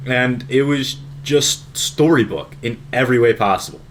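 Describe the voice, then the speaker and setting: A man's voice: medium pitch, moderate pace, a little hiss or hum. A young man co-hosting a casual sports podcast, talking earnestly and with enthusiasm. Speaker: podcast co-host.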